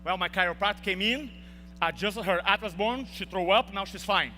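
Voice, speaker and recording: A man's voice: sits high, moderate pace, bright, forceful tone. A young man giving a motivational speech in a large hall, telling an emotional story and acting out the quotes. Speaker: speaker. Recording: reverberant hall with faint hum.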